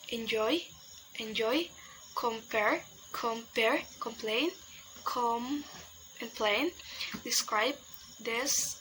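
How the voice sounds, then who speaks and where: A young woman whose first language is Indonesian, presenting an English pronunciation lesson slowly and haltingly, repeating each example word with many fillers. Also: a little high, pushed and bright, a little hiss or hum, rough recording. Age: young adult. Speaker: student presenter.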